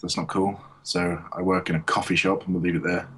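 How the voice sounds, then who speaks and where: A man's voice: low voice, little pitch movement, a little fast, fairly bright tone, slightly rough. A young man, a podcast co-host, ranting bluntly and profanely in casual chat.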